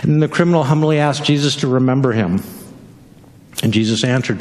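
A man preaching a lively sermon, telling stories and acting out the voices in them. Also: a little fast, long reverb tail. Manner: animated storytelling, acts out voices, jumps between high and low pitch. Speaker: pastor.

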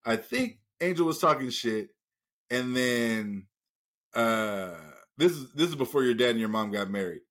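A man's voice: medium pitch, animated, unhurried, fairly bright tone. A man hosting a podcast, telling a long profane story in casual chat and acting out the voices of the people in it. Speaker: podcast host.

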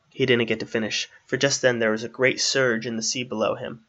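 A man narrating a fantasy story aloud in a steady storytelling manner. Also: medium pitch, fairly quick, dull audio.

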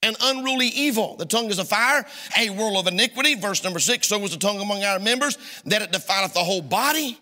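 High, lively pastor preaching in a reverberant hall. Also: male voice, fast talker, hardly any pauses. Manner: folksy storytelling preacher, acts out both sides of a phone call. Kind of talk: sermon. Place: church sanctuary.

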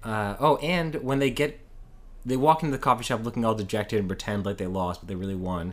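A man's voice: lowish voice, a little fast. A man co-hosting a casual chat, wry and teasing, with lots of filler words. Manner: wry, teasing, many likes. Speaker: podcast co-host.

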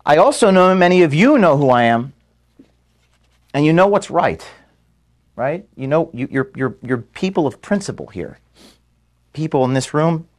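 A man giving a farewell address to his staff, filmed in an office room. He is close to tears and halting, and he stops to apologize as he speaks. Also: a little high, very animated. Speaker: organization founder giving a farewell speech to staff.

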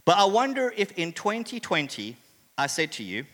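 High-voiced bright man preaching. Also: very animated, normal speed. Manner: humorous, conversational preaching. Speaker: pastor. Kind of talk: sermon. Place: church hall. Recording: reverberant hall.

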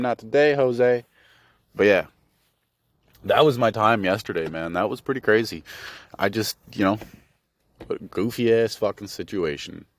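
A man's voice: fairly low pitch, a bit bright, no echo. A young man from Michigan telling a story on his casual solo podcast, rambling, profane and mocking, partly while driving. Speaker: podcast host. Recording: noisy background ambience.

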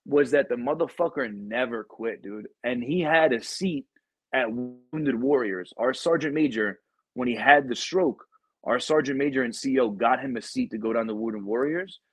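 Here a young man hosting a podcast chats casually, spinning slangy, profanity-laced stories with lots of fillers. He speaks at a moderate pace in a medium-pitched voice with a breathy edge, and the poor-quality audio is close, dry, and echo-free.

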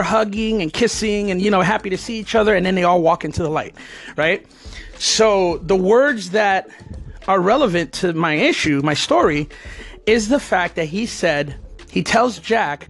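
A man's voice: high voice, expressive, normal speed, a bit bright, faint music behind. A man, a former alligator wrestler, telling a personal story in a rambling, digressive way.

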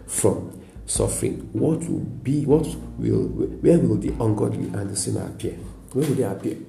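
A man's voice: on the low side, creaky, dark tone, reverberant. A Nigerian man preaching a sermon as a pastor, emphatic, repeating lines and adding frequent "praise God". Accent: Nigerian English.

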